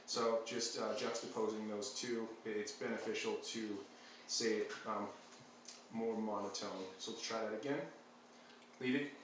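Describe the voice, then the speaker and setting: A man walks through a clicker lesson for a dog, his voice steady and even, filler words scattered through his explanation. He sounds a few steps from the mic in a boomy, echoing room, with a faint hum of ambience behind him. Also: unhurried. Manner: calm, steady, frequent ums and uhs. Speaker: dog trainer. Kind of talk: instructional demonstration. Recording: echoey room, mic at a distance.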